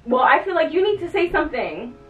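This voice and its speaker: A woman's voice: high voice, very animated, quick pace, phone-quality sound. A woman vlogger in casual chat, insistently questioning and pleading. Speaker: vlogger, the girlfriend being pranked. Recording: roomy, far from mic, faint music.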